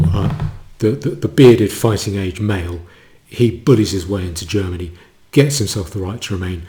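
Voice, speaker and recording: Halting low-voiced man. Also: darkish tone, slight background noise. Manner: halting, with many stammered restarts. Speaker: commentator. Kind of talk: solo commentary monologue.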